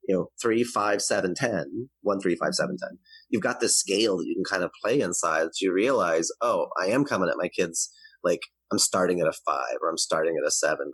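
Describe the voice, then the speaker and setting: A man's voice: low voice, a bit bright, husky, no room sound, poor audio. A man talking as a guest on a parenting podcast, explaining in a coaching tone. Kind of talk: podcast interview.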